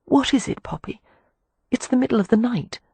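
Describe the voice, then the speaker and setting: Practical eldest sister, brisk and firm, voiced by a woman narrator; husky and dry. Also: on the high side, dark tone, no room sound, pitched above the performer's own voice.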